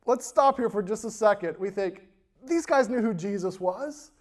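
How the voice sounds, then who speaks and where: A man preaching a sermon, reading scripture aloud and stressing key words before letting phrases trail off softly. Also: high-pitched, animated. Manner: slow, emphatic preaching with soft trailing endings. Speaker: pastor.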